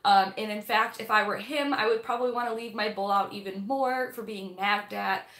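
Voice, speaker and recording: A woman's voice: medium pitch, steady tone, normal speed, fairly bright tone. A young woman hosting a casual live-stream book club, rambling and chatty with lots of fillers. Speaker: livestream host of a book club. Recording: echoey room.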